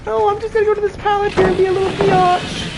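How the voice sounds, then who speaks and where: A man putting on a squeaky, sing-song falsetto to mock a smug, whiny female game character. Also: level tone, fast, over loud music, low-quality recording. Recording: loud game noise behind.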